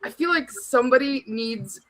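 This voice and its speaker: A woman chatting casually as a guest, animated and slangy, laughing often. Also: sits high, moderate pace, over a noisy crowd, rough recording. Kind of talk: casual chat.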